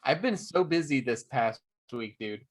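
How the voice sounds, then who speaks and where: A man's voice: medium pitch, animated, a little slow. A man co-hosting a casual gaming podcast, answering in a loose, offhand way. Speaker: podcast co-host.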